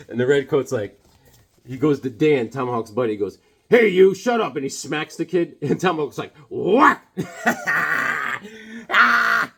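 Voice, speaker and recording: A middle-aged man chats about his comic books in a loose show-and-tell. He is excitable and rambling, piling up fillers and little asides with a voice of medium pitch. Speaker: comic book collector vlogger.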